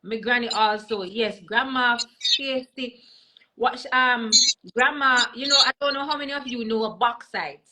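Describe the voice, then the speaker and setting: A woman's voice: fairly high pitch, measured pace, bright, forceful tone, rough recording. A Jamaican woman, a comedian, telling stories in a casual interview over a video call, switching between patois and English. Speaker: comedian guest.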